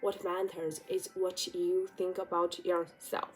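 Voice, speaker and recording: A woman's voice: on the low side, little pitch movement, measured pace. A woman vlogger gives direct motivational advice, asking repeated rhetorical questions in non-native English phrasing. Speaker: vlogger giving life advice. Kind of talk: motivational talk to camera.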